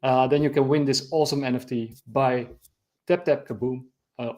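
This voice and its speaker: A man hosting a casual online interview, his voice a little hoarse from a cold. He speaks in a friendly way, pausing on fillers as he wraps things up. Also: mid-range voice, steady tone, a little mellow. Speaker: host.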